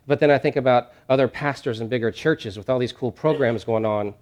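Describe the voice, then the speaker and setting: A man preaching a sermon as a pastor from behind a church podium, emphatic and repeating his key lines, dropping to a hush and then rising loud. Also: mid-range voice, fairly even intonation, fairly quick.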